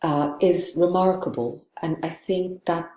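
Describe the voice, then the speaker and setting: A woman's voice: fairly low pitch, fairly even intonation, measured pace, mellow, echoey room. A woman giving a literature lecture, thoughtful and digressive, often checking in with "right?". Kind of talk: recorded lecture.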